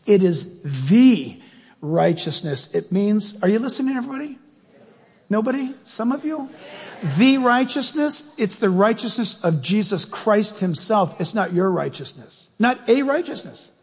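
A man preaching a sermon in a church, animated and emphatic, firing rhetorical questions at the congregation. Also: high-pitched, moderate pace, slightly rough, in a large hall. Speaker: pastor.

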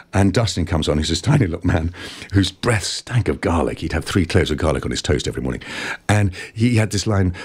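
Brief: male actor, lower-pitched, very expressive intonation, conversational interview guest. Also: breathy edge. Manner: animated, expressive storyteller.

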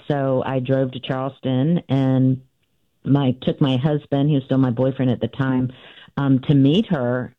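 A woman in her sixties recounts a family story over what sounds like a narrow, tinny phone line. The sound is dry and close with no room around it. She talks in a loose, conversational way, pausing with "um" and restarting sentences as she goes. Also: extremely low pitch, dry recording. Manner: recounts events with frequent fillers and restarts, acting out quoted voices. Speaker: author guest.

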